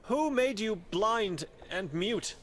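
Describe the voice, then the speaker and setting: An earnest, polite monk. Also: male voice, sits high, lively intonation, slow pace, a little hiss or hum, full character voice. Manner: polite, gently probing questions. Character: earnest male monk investigator. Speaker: game character. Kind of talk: video game voice acting.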